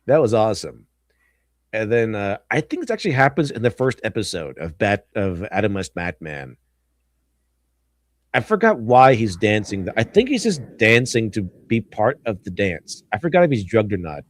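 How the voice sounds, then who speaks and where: A man's voice: fairly low pitch, sing-song, normal speed. A man hosting a casual livestream, reading memes aloud, laughing often and slipping into silly voices. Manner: giggly, goofy, slips into silly voices. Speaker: stream host.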